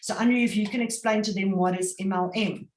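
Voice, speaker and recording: A South African woman training on an online business call, upbeat and lively as she acts out little everyday scenes. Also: medium pitch, brisk, roomy sound. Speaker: network marketing trainer.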